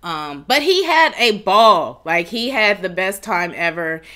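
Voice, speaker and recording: A woman's voice: big pitch swings, measured pace, sharp tone. A woman hosting a casual live Q&A at home, giving direct, chatty advice. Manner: chatty, direct, acts out quoted people in higher voices. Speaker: wedding planning host.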